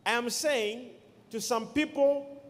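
A man's voice: extremely high pitch, slow. A man preaching a sermon as pastor, with emphatic call-and-response to the congregation. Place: church. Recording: long hall reverb.

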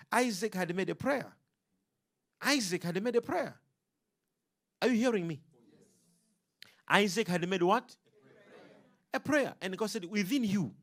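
A man's voice: high voice, fairly bright tone. A man preaching a sermon, emphatic and rhythmic, throwing questions out to his congregation.

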